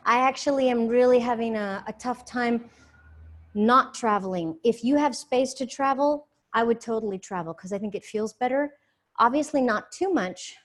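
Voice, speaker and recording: A woman teaching an online dance class from home, counting beats aloud and answering questions in an upbeat, encouraging way, a bit out of breath. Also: on the high side. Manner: counts beats rhythmically, scats, cheerful and encouraging.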